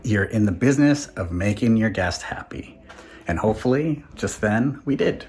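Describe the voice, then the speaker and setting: A man who runs a guesthouse, telling stories to the camera in an animated, chatty way and laughing now and then. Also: fairly low pitch, moderate pace, a little hiss or hum. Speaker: guesthouse owner and vlog host. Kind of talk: casual storytelling vlog.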